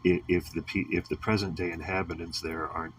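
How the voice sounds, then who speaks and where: A man's voice: low voice, little pitch movement, brisk, distant mic, a little hiss or hum. A man hosting a casual monologue show, rambling with many fillers and restarts, and cracking crude jokes. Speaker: host.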